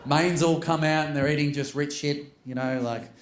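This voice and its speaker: Australian stand-up comic, animated delivery. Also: male voice, fairly high pitch, normal speed, crowd noise. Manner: animated, jumps into loud character voices. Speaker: stand-up comedian. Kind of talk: stand-up storytelling. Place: comedy stage. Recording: roomy venue with faint noise.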